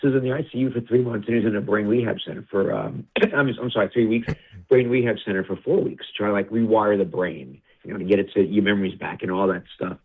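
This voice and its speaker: Low husky man on a tinny line. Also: fast talker. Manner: acts out his father's lines in a raised voice; tearful, voice drops low on sad moments. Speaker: interview guest. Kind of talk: emotional personal storytelling.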